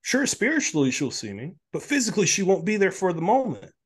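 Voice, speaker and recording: A man's voice: high voice, sing-song, brisk, breathy edge. A man in his thirties, a health coach guest, talking candidly in a casual podcast conversation, full of "like" and "um" and emotional at times. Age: 30s. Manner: candid, filler-heavy, many "like" and "um".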